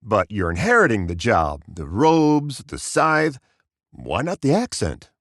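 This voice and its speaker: A man hosting a comedy interview show with a wry, deadpan manner. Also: on the low side, unhurried, dry recording, studio quality. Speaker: talk show host.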